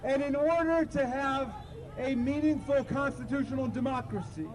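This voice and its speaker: A man's voice: extremely high pitch, normal speed, poor audio. A man giving an impassioned protest speech outdoors, leading call-and-response chants with sarcastic jabs. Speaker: rally speaker. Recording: crowd noise outdoors. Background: crowd and street noise.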